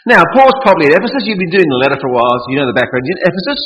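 Aussie preacher guy, joking around, tons of questions, pitch all over the place, echoey muffled church sound. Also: racing. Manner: animated, joking, rhetorical questions. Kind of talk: sermon. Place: church hall. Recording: dull lo-fi audio with long hall reverb.

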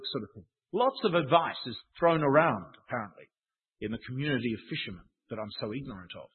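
A man's voice: medium pitch, very animated, fast talker, slightly rough. A man preaching a sermon in a conversational, wry, self-deprecating manner. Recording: tinny phone-like sound.

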